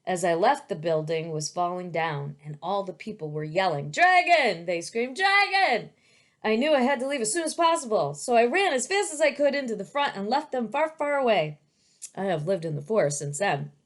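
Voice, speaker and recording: A gentle young male dragon from a storybook tells his own tale earnestly, read by a woman in her everyday voice. He sounds eager and sincere, with a voice sitting at an ordinary middle pitch. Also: lively intonation, brisk, close to an everyday voice.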